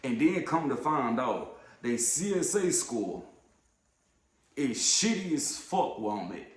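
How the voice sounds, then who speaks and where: A man who drives trucks tells a story in a casual rant, heated and profane, getting louder and sharper when riled. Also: mid-range voice, big pitch swings, takes it slowly, echoey room.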